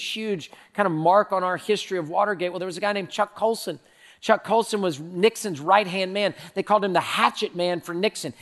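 A man preaching a sermon, moving from hushed, prayerful lines to loud, emphatic ones. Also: high voice, big-room sound. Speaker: pastor.

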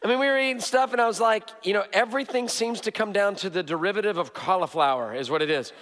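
A man's voice: high voice, fast talker, a bit bright. A male pastor preaching a sermon in a church, emphatic, hammering points with repetition and joking asides. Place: church sanctuary. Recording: long hall reverb.

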